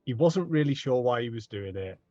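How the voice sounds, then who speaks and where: A man playing a tabletop game who narrates his character's antics in a lively way, laughing often. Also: mid-range voice, brisk, no echo, faint music behind. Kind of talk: animated in-character storytelling. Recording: dull, dry home mic audio.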